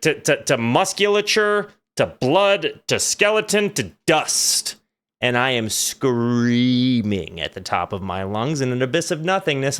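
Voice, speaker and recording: A man streaming a reaction, telling a story in an animated, excitable way. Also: mid-range voice, clean tone.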